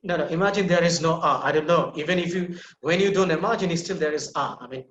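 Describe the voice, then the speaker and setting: A man teaching English pronunciation in an online class, patiently repeating words slowly so a student can copy them. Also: a little high, a bit bright, lo-fi sound. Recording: echoey room with faint noise.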